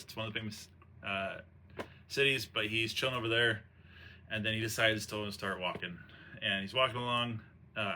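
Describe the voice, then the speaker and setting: Recapping an old tragic play, this host chats in a loose, meandering style full of slang, filler words and false starts. His voice is lowish, bright and pushed, over slight background noise.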